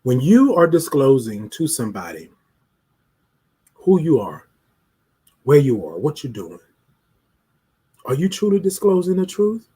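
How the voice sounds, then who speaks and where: A high-voiced man with a husky edge hosts a live stream. He talks straight to his viewers with emphatic, preachy conviction and calls them to speak up. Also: very animated, measured pace, pauses often, dark tone. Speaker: host of a live talk show. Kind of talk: motivational live-stream monologue.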